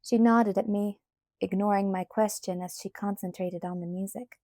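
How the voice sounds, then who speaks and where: A woman narrating a novel aloud in the first person with steady, measured reading. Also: mid-range voice, no room sound, studio quality. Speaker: audiobook narrator.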